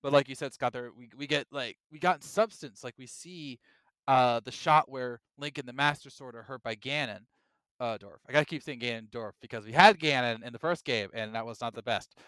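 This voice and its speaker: A man co-hosting a gaming podcast in casual chat, excitable and animated, often acting out his own reactions. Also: mid-range voice, fairly quick, clean tone, no echo. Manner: excitable, acts out reactions in quoted voices. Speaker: podcast co-host.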